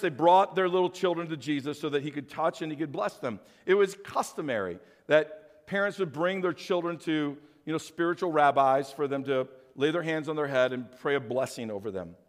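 Older male pastor, high-pitched, lively sermon delivery, recorded in a big reverberant church hall. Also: normal speed. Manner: animated storytelling, acts out voices.

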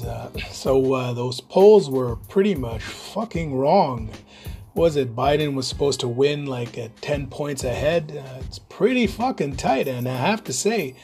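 A man's voice: mid-range voice, vocal fry, a little mellow. Profane, rambling man ranting casually. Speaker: vlogger, channel host. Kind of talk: casual rant to camera.

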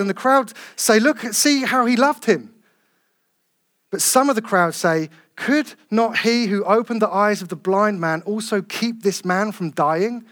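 A man preaching a sermon, earnest and emphatic, slowing down to stress key phrases. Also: sits high, a bit bright.

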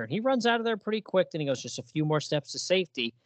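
A man's voice: sits high, sing-song, fast, no echo. Man reading comics aloud, dry close sound. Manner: reads comic dialogue aloud in playful voices. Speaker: podcast co-host. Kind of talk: casual comic book discussion.

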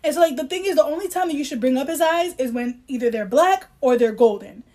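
A woman's voice: high-pitched, fast, dark tone. A woman co-hosting a casual podcast chat, joking sarcastically and reading passages aloud with frequent laughter. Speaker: podcast co-host.

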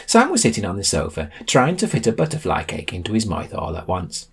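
A man reading a comic story aloud as storyteller, with deadpan narration. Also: low voice, fairly quick, vocal fry, husky.

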